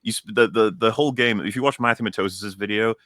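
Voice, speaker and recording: A young man ranting on a stream about a video game, animated and profane. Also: lowish voice, fast talker, dry recording, studio quality. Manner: animated, profane, mocks characters in put-on voices. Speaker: stream guest.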